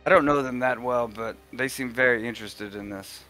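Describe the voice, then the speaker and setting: A man at a tabletop game speaking as his character, halting and full of fillers, often laughing. His voice is bright and forward, with an ordinary middle pitch. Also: soft background music. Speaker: player. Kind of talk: tabletop role-play, in and out of character.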